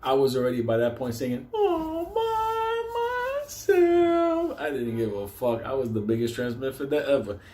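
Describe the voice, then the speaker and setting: Man, New York accent, swearing storyteller, mellow voice, echoey room. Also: medium pitch, fast talker, few pauses. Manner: swears constantly, gets loud and animated at the scary parts. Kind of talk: profane comic storytelling.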